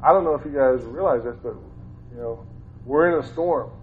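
A man's voice: medium pitch, fairly quick, slight background noise. A man from Ohio, a former school teacher, gives an informal Bible talk in a conversational way and often repeats his phrases. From Ohio, United States. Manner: conversational, repeats phrases, grows more fervent. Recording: tinny phone-like sound.

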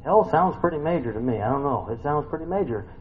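A man teaching from the Bible in a casual, conversational sermon, reading verses aloud and musing with hums and rhetorical questions, swinging between loud bursts and hushed asides. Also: expressive, fast talker. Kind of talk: informal Bible study sermon. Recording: tinny phone-like recording with faint rumble.

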